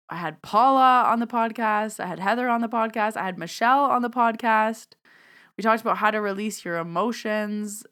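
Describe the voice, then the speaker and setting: A woman's voice: medium pitch, fairly bright tone. A woman hosting her own podcast, chatting through a reflective, heartfelt year-end recap as a medium and teacher.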